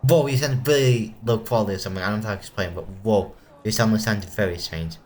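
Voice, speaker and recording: A young man hosting a casual let's play, chatting and reading game text aloud quickly and flatly. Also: fairly low pitch. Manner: reads game text aloud fast and flat. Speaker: gamer.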